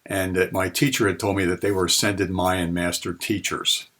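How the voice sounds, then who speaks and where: A man with a very low, husky voice gives a spiritual talk to his listeners. He tells his personal experiences earnestly and unhurriedly, winding through each story as he goes. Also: little pitch movement, moderate pace, a bit bright. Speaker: spiritual teacher.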